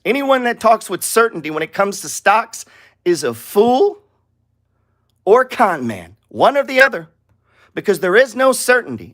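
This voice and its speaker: Brief: high-voiced male trading teacher, blunt and profane, talks through charts with rhetorical questions. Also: fairly bright tone. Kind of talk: live trading lesson with charts.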